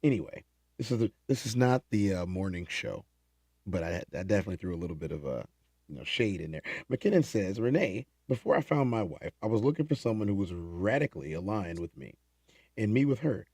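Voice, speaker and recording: A man hosting a late-night livestream, reading chat comments in casual talk, animated and prone to repeating himself and restarting phrases. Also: fairly low pitch, a little fast, husky, dry recording, studio quality.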